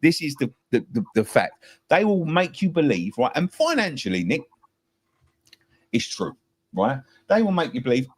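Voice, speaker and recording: A man's voice: fairly high pitch, sing-song, moderate pace, breathy edge. A middle-aged man from England, a football fan talking passionately, swearing and repeating himself. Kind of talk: heated fan-show chat.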